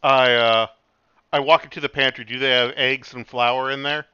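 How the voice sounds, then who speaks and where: A man's voice: medium pitch, steady tone, moderate pace, bright, forceful tone, clear, resonant tone, no echo. A man playing a tabletop game, eagerly and playfully declaring his character's actions. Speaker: player. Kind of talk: casual tabletop play. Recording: slightly dull, lo-fi sound.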